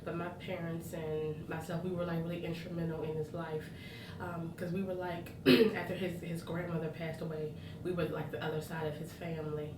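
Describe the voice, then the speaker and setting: A woman, a godmother, recounts family history in a documentary interview, clearing her throat now and then. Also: deep voice, flat delivery, a little fast. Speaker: Kenny's godmother. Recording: echoey room with noise, distant mic.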